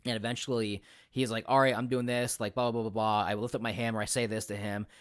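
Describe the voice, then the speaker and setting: A man hosting a casual podcast chat as a game master, telling stories in an animated way, acting out other people's lines and swearing freely. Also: on the low side, fast talker, no room sound, studio quality. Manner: animated storyteller who acts out quotes and swears freely.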